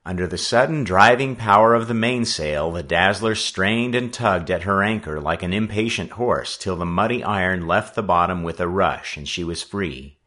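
A man narrating an adventure story as an audiobook reader, with an animated reading manner. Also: sits low, normal speed, few pauses.

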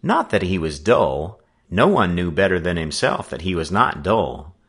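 Audiobook narrator, man, very deep and lively in pitch. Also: measured pace, husky. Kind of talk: scripted narration.

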